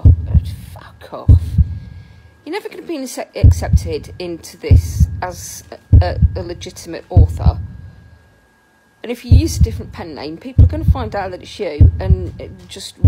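An angry woman rants straight to camera, her voice rising and falling widely as she swears. The clip has loud background noise and a low hum under her voice. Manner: furious, swearing, animated.

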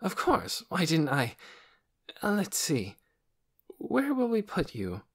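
A man's voice: high-pitched, wildly swooping pitch, takes it slowly, breathy edge, voice pushed up, heavily acted. A man voicing a flustered, absent-minded woman doctor in an audiobook, hesitant and trailing off. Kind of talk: audiobook character voice.

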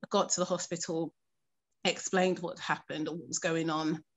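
Earnest woman, halting testimony. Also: deep voice, flat delivery. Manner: earnest, halting storytelling with frequent pauses and fillers; keeps her composure while recounting something painful. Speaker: interviewee. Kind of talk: personal testimony in a documentary interview.

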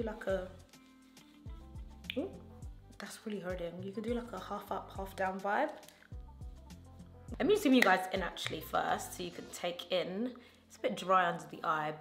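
A woman beauty vlogger with a slightly bright, lowish voice chats casually while doing her makeup in a get-ready-with-me video. She gushes with enthusiasm and slang, recorded with roomy echo and faint music.

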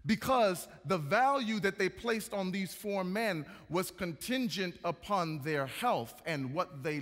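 A man with a high, ringing voice delivers a sermon in a rising, rhythmic preaching cadence. His words carry with a long reverb through a large church hall. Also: a bit bright.

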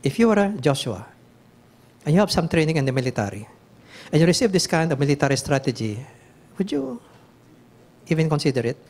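Brief: Filipino male pastor, somewhat high voice, emphatic teaching sermon that keeps quizzing the congregation. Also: animated, fast talker, darkish tone. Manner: emphatic, questioning the audience, reads verses aloud.

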